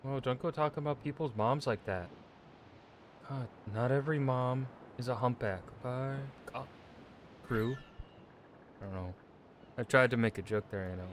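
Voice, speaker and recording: A man's voice: mid-range voice, normal speed, long pauses, slight background noise. Swearing, joking male game streamer. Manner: profane, joking, talks to himself. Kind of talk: casual gameplay commentary.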